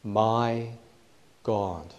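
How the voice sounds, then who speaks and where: A man preaching a sermon in a measured, emphatic way, repeating his key phrases. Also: on the low side, darkish tone, long reverb tail, lo-fi sound.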